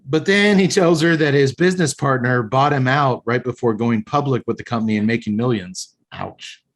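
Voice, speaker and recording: A man in an average pitch talks eagerly through a movie on a casual podcast. He retells the scenes and mixes in his own opinions as he goes. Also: moderate pace. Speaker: podcast host. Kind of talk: casual film recap and review chat.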